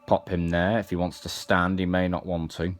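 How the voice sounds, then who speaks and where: A man's voice: low-pitched, little pitch movement, moderate pace, soft background music. A man casually reviewing an action figure, chatting as he demonstrates its parts. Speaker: toy reviewer.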